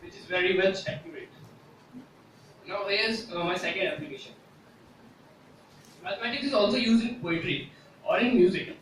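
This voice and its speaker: A man's voice: high voice, a bit bright. A man giving a classroom presentation, explaining step by step with many hesitant "uh" fillers. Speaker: student presenter. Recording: echoey room from a distance with faint noise.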